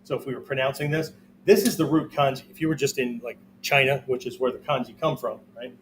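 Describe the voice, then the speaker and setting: Fast and steady in tone, a mid-range male voice leads a whiteboard martial arts lesson, with a little hiss or hum in the audio. The instructor keeps it loose and conversational, using fillers and checking in with "okay?" and "right?" nearly every phrase.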